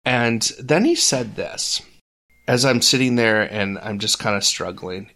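Man, low voice, earnest storyteller, podcast co-host, faith talk. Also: measured pace, bright, forceful tone. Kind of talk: casual faith discussion.

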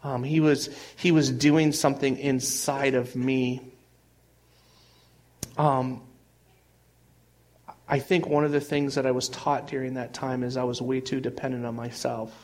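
Male pastor, mid-pitch, conversational sermon, earnest storytelling, halting restarts, rises and drops in volume. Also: little pitch movement. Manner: earnest storytelling with frequent restarts and swings in loudness.

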